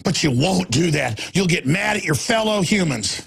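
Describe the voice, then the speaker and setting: Raspy talk radio guy ranting, gravelly high voice, yells now and then. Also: lively intonation, normal speed. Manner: angry, shouting in bursts, then weary and apologetic. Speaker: radio talk show host. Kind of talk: ranting monologue.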